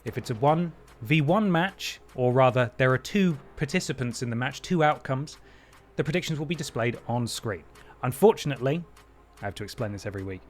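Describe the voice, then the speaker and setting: A man's voice: mid-range voice, expressive, fairly quick, faint music behind. A man hosting a game livestream, chatting wryly and thanking viewers. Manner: chatty and wry, with playful voice jumps. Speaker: livestream host. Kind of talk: casual stream chat, thanking viewers.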